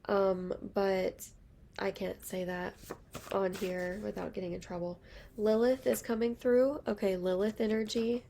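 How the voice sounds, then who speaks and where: Young woman doing a chatty tarot reading, bit of vocal fry, faint hum in the room. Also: medium pitch, fairly even intonation, unhurried, mellow. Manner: chatty, rambling, lots of fillers. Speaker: tarot reader. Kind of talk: casual tarot reading to camera.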